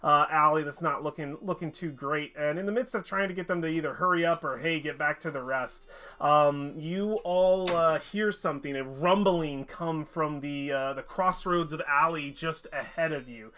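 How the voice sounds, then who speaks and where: A man's voice: a little high, moderate pace, sharp tone. A man narrating as game master of a tabletop game, describing scenes with frequent fillers. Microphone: headset or desk mic on a stream.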